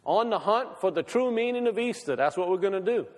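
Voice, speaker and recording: A man's voice: sits high, lively intonation, brisk. Man preaching with questions, echoing hall. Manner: conversational, asks the congregation many questions. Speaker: pastor. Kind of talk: sermon.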